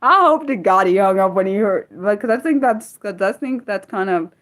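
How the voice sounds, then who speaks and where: A woman's voice: medium pitch, lively intonation, normal speed, fairly bright tone. Rambling, apologetic woman streamer. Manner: rambling, often apologizing, reacting to chat comments. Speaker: livestream host. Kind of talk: casual unscripted livestream chat.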